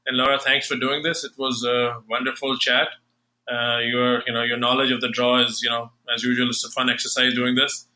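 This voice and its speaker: A man's voice: medium pitch, level tone, brisk, bright, forceful tone, low-quality recording. A man hosting a tennis podcast, chatting casually with many fillers and restarts. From United States. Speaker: podcast host.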